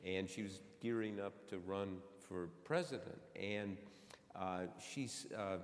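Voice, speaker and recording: A man on a forum panel telling an anecdote to a live audience, slow and halting, pausing and restarting as he goes. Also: sits low. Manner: slow, halting storyteller who pauses and restarts. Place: stage in a large auditorium. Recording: echoey hall reverb.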